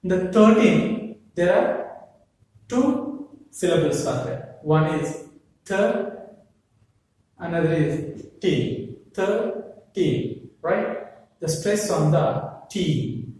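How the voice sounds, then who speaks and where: A man gives a lecture slowly, pausing often and asking rhetorical questions. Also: on the high side, expressive, darkish tone, heavy reverb, recorded from a distance, rough recording. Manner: slow, with frequent pauses and rhetorical questions. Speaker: English lecturer. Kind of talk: classroom lecture.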